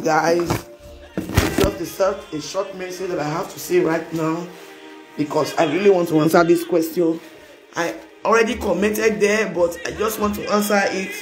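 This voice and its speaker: A woman with a Nigerian accent talks to her viewers on a live stream, loose and chatty. She slides between Pidgin and plain English and laughs as she goes. Soft music plays faintly behind her. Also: on the low side, moderate pace. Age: adult with children. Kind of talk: casual live-stream chat.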